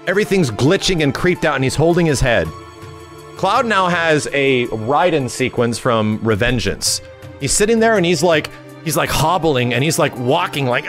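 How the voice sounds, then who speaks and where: An excitable man rattles through a game recap, swearing and humming the music, his voice leaping all over the place. A soft bed of music plays behind him. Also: a little high. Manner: excitable and profane, with lots of fillers and sung hums. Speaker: gaming channel host.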